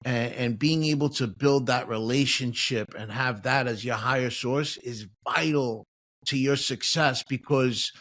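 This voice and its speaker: A man's voice: mid-range voice, unhurried, a bit bright. A man hosting a podcast, asking long and earnest questions in a casual style. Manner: earnest, many fillers and restarts. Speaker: podcast host. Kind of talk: casual interview chat.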